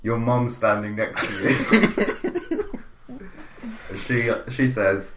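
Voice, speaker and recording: A man's voice: mid-range voice, big pitch swings, very slow, long pauses. A man hosting a casual podcast, laughing and hesitant as he sets up improv scenes. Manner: laughing, hesitant, acts out police officer. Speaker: podcast host. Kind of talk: casual improv game chat. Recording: roomy with faint noise.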